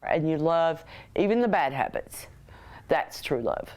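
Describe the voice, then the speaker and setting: A woman's voice: sits low, expressive, unhurried, darkish tone. A woman in a news feature interview, laughing easily as she recalls her husband's love notes. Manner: amused, laughs easily, reads notes aloud. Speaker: interviewee, wife.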